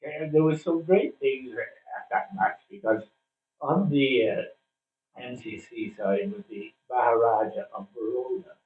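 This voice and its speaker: An older man from Ireland, a former cricketer, reminiscing in a casual interview, telling his stories with plenty of "uh" pauses. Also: medium pitch. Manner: chatty storyteller with frequent "uh" pauses. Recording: distant, phone-like, roomy sound.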